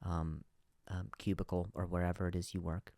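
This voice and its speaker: A man's voice: deep voice, flat delivery, moderate pace, dark tone, dry recording, clean studio sound. A man hosting a comedy podcast, telling a bit with many restarts and repeated words, playing the people he describes. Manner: acts out quoted bosses and workers in shifting voices. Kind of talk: comedic monologue.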